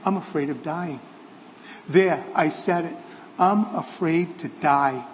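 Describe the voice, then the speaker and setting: A man voicing a frail, dying elderly bishop who speaks quietly, slowly and tenderly. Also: a little high, in a large hall. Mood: fearful.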